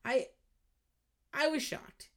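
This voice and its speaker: A woman hosting a podcast, telling a reality show recap in a casual, animated way, acting out quotes and swearing freely. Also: takes it slowly. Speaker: podcast host.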